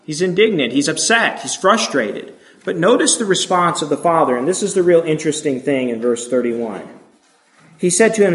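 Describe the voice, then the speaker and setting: A man's voice: medium pitch, animated, brisk. A man preaching an expository sermon, earnest and explanatory, driving his points home with repetition. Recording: echoey room.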